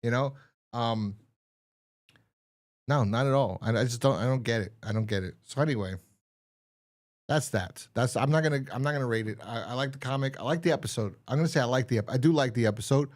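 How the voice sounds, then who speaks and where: A man's voice: medium pitch, a little fast, pauses often. A man co-hosting a podcast, casually reviewing and recapping a story with lots of fillers. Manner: rambling, lively, many fillers. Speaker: podcast co-host.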